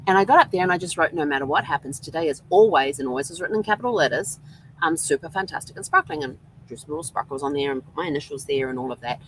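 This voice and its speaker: A woman hosting her own show, telling a personal story in a casual, earnest and reflective way, with soft laughs now and then. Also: deep voice, animated, rapid-fire, a little hiss or hum, poor audio. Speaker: host. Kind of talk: casual solo livestream talk.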